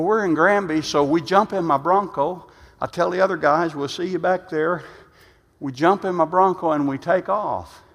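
A middle-aged man, preaching a testimony-style sermon and telling stories, often stumbling over repeated "and, and" as his voice swells loud, then drops soft. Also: medium pitch. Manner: storytelling, repetitive "and, and", shifting loud and soft. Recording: long hall reverb.

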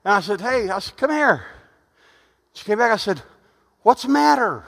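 A middle-aged man preaching in a church, his voice pitched high for a man. He shifts between hushed storytelling and loud, fervent calls. A long reverb from the hall trails every line. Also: very animated, moderate pace, gravelly. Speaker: pastor. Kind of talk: sermon.

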